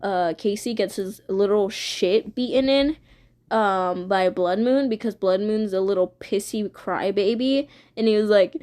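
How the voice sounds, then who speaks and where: A woman's voice: mid-range voice, unhurried, darkish tone. A young woman streamer casually retelling her own fan story, rambling, swearing freely and giggling.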